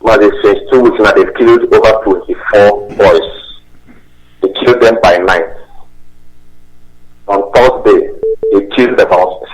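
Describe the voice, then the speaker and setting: A man's voice: fairly low pitch, measured pace, pauses often, a little hiss or hum. A man calling in to a radio show, urgently reporting news. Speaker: caller. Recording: dull lo-fi phone line.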